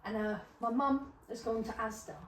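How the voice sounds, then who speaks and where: A middle-aged woman co-hosting a podcast, telling funny stories in a casual chat, animated, laughing often and swearing freely. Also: a little high, normal speed. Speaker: podcast co-host. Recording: roomy, distant mic with faint noise.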